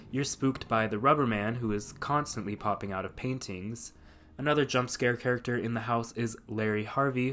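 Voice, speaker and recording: A man's voice: mid-range voice, fairly bright tone. Guy reading his video essay script, dry and a bit sarcastic. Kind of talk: scripted narration.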